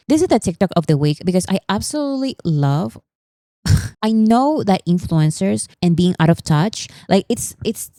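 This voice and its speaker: A woman's voice: mid-range voice, animated, moderate pace, mellow, no room sound. A woman hosting a casual pop culture vlog, chatty and rambling, with frequent asides and self-corrections.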